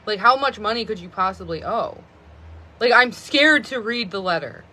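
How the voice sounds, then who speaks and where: A woman's voice: medium pitch, expressive, moderate pace, pushed and bright. A woman around thirty rambling chattily on a phone live stream, with many fillers of "like". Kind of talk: casual live stream chat.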